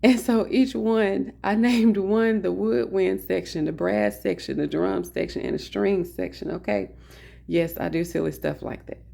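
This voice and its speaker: A woman vlogger talks casually to her viewers from an indoor office, telling a story with animated energy. Her mid-pitched voice has a gravelly crackle running through it. She keeps calling her audience "honey". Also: measured pace.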